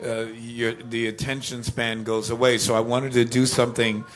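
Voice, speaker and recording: An older man, a musician guest in an interview, telling animated anecdotes with laughter and acting out other people's voices. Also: mid-range voice, normal speed. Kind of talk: casual interview storytelling.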